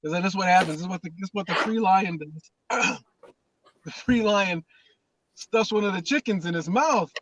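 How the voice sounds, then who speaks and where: A man's voice: high voice, normal speed, a bit bright, rough recording. Man talking faith, repeating as he goes. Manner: repeats words and restarts, preacherly emphasis. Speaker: host. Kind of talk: casual spiritual talk.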